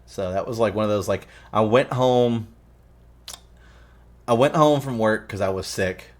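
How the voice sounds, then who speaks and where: A man co-hosting a casual chat, rambling and swearing a lot as he retells film scenes with animated energy. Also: on the low side, a little slow. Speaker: podcast co-host.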